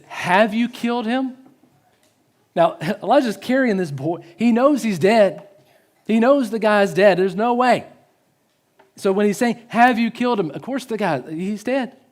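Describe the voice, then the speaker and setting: A man giving a sermon in a church, swinging from loud pleading to hushed, slow emphasis. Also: sits high. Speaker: pastor.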